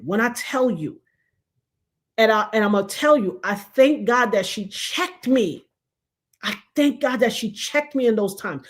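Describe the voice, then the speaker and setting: A middle-aged woman, hosting a casual livestream chat and telling stories animatedly, acting out the voices of the people she quotes. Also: fairly high pitch. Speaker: show host.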